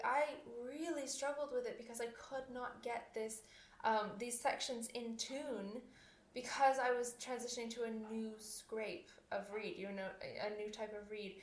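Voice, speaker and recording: A young adult woman hosting a podcast, chatting casually with lots of fillers and restarts, often laughing. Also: on the high side. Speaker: podcast host and oboist. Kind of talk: casual solo podcast talk. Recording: echoey room.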